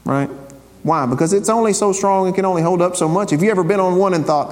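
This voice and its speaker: A man's voice: sits high, fast, a little mellow, big-room sound. A man preaching a conversational sermon, repeating phrases and asking rhetorical questions of the congregation. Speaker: pastor.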